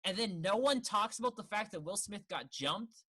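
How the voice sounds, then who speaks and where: A young man co-hosts a casual film podcast. His voice is bright and forward. He rambles, swears freely and jumps into exaggerated voices to act out the scenes he describes. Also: high-pitched, animated, normal speed, breathy edge. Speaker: podcast co-host.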